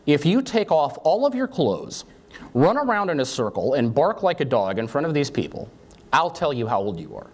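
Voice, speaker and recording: A man's voice: on the high side, very animated, normal speed. Man as a sly elderly woman, dry, knowing, slightly raised voice.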